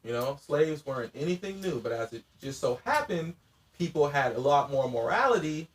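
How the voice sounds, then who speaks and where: A man's voice: a little high, very animated, moderate pace, far from the mic. Young man, podcast host, loose profane rambling, sits back from the mic. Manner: rambling, profane, laughs often. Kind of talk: casual chat.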